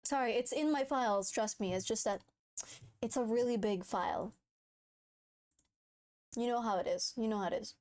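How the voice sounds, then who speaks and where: A woman streamer chatting casually on a live stream, excitable, laughing a lot and swearing. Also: a little high, normal speed, long pauses.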